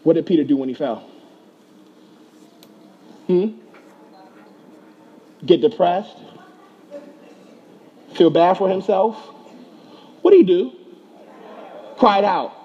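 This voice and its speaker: A man with a high voice delivers a sermon, pressing his points with rhetorical questions and repetition. His tone is dark and slightly husky. The recording sounds dull and muffled. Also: animated, slow, long pauses. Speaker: pastor.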